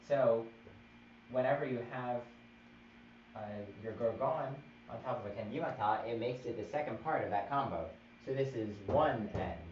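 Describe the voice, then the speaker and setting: During a live-streamed music theory class, a man teaches chant theory, patiently explaining and counting out the beats. His voice is mid-range with a darkish tone, and the live stream sounds roomy, distant, dull and noisy.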